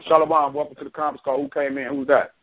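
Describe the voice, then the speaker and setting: A man's voice: medium pitch, little pitch movement, rapid-fire. A man leading a conference-call bible study, preaching with repeated phrases for emphasis. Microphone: phone conference call. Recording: dull lo-fi phone call.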